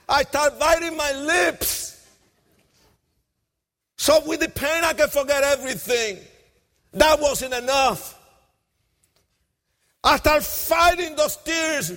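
A man giving an emotional testimony sermon, impassioned, swinging between hushed and shouted lines, with nonstandard grammar. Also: very high voice, slow pace, pauses often. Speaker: preacher giving his testimony. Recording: long hall reverb.

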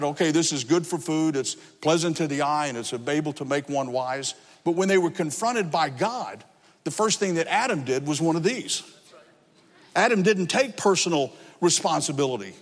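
A male pastor preaches in an earnest, emphatic way, building on repeated phrases. His voice sits high for a man. A long reverb from a large hall follows his words. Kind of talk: sermon.

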